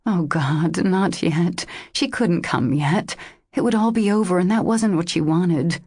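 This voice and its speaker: A woman narrating a romance audiobook in a slow, intimate reading. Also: lowish voice, a little mellow, breathy edge, no echo, studio quality.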